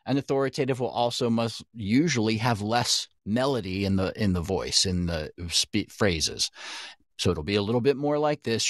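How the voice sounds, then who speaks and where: A man with a lowish voice explains voice technique in a relaxed conversational way. He often restarts and corrects himself mid-phrase. The sound is dry, with no room around it. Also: normal speed, no room sound. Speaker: podcast guest, voice coach. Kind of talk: casual chat.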